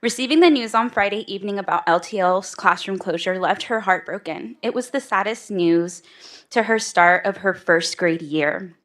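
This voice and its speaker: A woman's voice: mid-range voice, normal speed, a bit bright. A mother giving an emotional prepared public comment at a school board meeting, close to tears.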